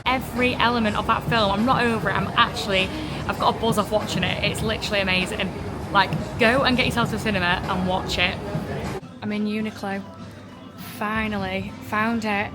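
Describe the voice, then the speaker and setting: A young travel vlogger from England, English accent and all, speaks a little fast in a steady, mid-range voice to her phone camera while loud music plays. She's chatty and gushing, her talk heavy with "like" and "oh my God."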